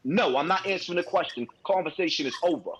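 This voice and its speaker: A man's voice: high-pitched, lively intonation, fast, highs cut off, a loud crowd. A man arguing heatedly as a guest on a live call-in stream, repeating himself as he presses his point. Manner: heated, confrontational, repeats phrases.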